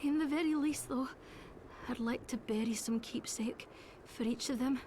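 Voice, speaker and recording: A woman's voice: sits high, moderate pace, crowd noise, lightly acted. An actress voicing an earnest, polite young woman villager in a video game who has lost her people.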